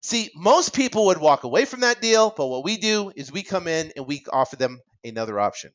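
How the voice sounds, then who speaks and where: A man teaching real estate investing in an energetic, worked-up way, acting out talks with sellers and tossing in "right?" asides. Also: on the high side, lo-fi sound. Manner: fast, animated, acts out seller dialogue, many "right?" asides.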